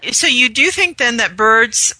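Female radio host; curious interviewer, prompts the guest; high, very bright voice. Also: lively intonation, unhurried, dry recording. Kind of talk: radio talk show interview.

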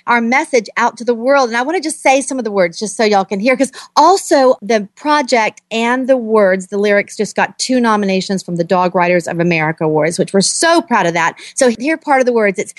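A woman's voice: on the high side, fairly quick, few pauses, no echo, clean studio sound. A woman with a Southern US accent hosting a pet podcast, gushing and effusive, laughing often as she chats. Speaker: podcast host. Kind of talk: casual interview chat.

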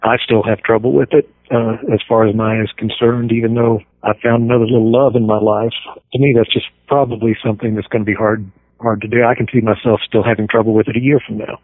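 A man speaks plainly and steadily as co-host, pausing on fillers. His voice is dry and close. It comes through a narrow, phone-like band. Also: on the low side, flat delivery, dry recording. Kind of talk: casual chat. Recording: tinny phone-like line.

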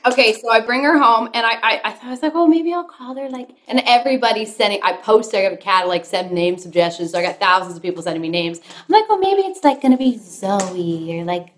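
Woman, songwriter, casual video call chat, rambling, restarts sentences, fairly high voice. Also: expressive, fast talker, few pauses, fairly bright tone. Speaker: guest, songwriter. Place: home with a studio.

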